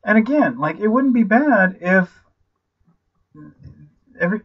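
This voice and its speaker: A man in his thirties giving a casual, ranting movie review, animated and profane, constantly saying "like" and "you know". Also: high-pitched, measured pace, dull audio. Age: 30s.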